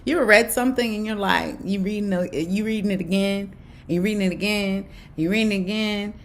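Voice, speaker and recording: A woman's voice: medium pitch, fairly quick. A young adult woman hosting a casual book review, telling a story animatedly and acting out the quoted dialogue. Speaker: book club host.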